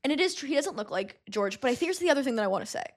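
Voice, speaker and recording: A young woman co-hosting a casual comedy podcast, chatty and quick with asides, often laughing. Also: high voice, animated. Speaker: podcast co-host.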